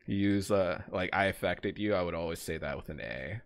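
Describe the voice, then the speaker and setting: A man's voice: deep voice, brisk, gravelly. A young man live-streaming a game, chatting casually and rambling to his viewers, greeting them by name.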